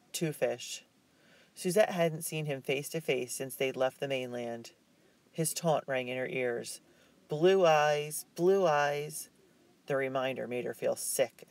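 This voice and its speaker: A man narrating a children's novel chapter in a measured, even storytelling manner. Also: mid-range voice, gravelly, dry recording. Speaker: audiobook narrator. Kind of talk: scripted audiobook narration.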